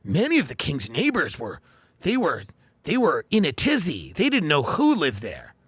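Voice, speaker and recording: A man's voice: fairly high pitch, wildly swooping pitch, moderate pace, fairly bright tone, slightly rough, no room sound. A man hosting a podcast, reading news aloud and riffing on it with sarcastic, mock-earnest comedy. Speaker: podcast host.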